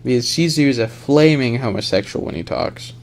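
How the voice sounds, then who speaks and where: A man's voice: medium pitch, animated, brisk, poor audio. A man streaming on camera, chatting casually in a rambling, jokey way and laughing often. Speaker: ASMR streamer. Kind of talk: casual live-stream chat. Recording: noticeable background noise.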